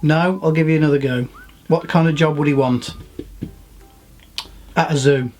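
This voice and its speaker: Guy hosting a silly quiz, teasing and mock-stern, kinda high voice, faint music behind. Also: fairly even intonation, normal speed, a little mellow. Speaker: host running a quiz game. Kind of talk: playful quiz banter.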